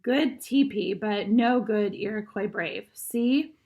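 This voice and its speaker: A woman voicing a tiny, stern, proud male warrior in a storybook reading, speaking in slow, clipped, broken sentences. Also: mid-range voice, a little mellow.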